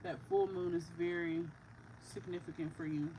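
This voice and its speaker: A woman's voice: lowish voice, steady tone, normal speed, background noise. A woman giving a casual, heartfelt psychic reading. She talks in a rambling way, full of "like" and restarts. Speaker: psychic card reader. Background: music playing.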